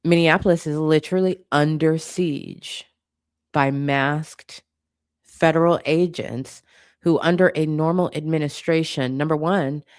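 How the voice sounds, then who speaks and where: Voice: medium pitch, steady tone, a little slow, clean tone, no room sound, studio quality. A channel host giving an impassioned commentary monologue, blunt and profane, hammering points home with repetition.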